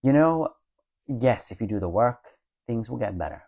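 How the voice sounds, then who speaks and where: A man's voice: mid-range voice, expressive, moderate pace, a little mellow. A man working as a spiritual teacher, answering viewers' questions in a live Q&A chat with a blunt, matter-of-fact, teasing manner.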